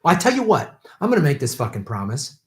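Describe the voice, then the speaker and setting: A man's voice: on the high side, wildly swooping pitch, brisk. Furious profane man ranting on a livestream. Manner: profane, shouting, bitter ranting. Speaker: political livestream host. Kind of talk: angry ranting commentary.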